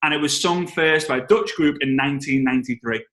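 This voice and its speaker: A British man leads a lively marketing training over a video call, joking as he goes. His voice sits a little high. The room around him rings with echo. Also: fairly quick. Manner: playful, jokey, breaks into song. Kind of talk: energetic training talk on a call.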